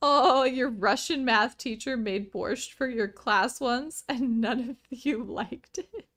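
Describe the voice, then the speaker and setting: Host casting: a bubbly woman gamer chatting over gameplay, bright, slightly high voice. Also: slow pace. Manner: chatty, excitable, rambling asides. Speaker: streamer. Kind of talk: let's play commentary.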